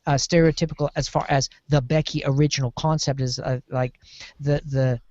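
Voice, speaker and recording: A man on a TV discussion panel, rambling and animated as he talks through a series. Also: mid-range voice, moderate pace, no room sound. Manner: rambling, lots of fillers and restarts, animated. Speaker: podcast panelist. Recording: dull lo-fi sound.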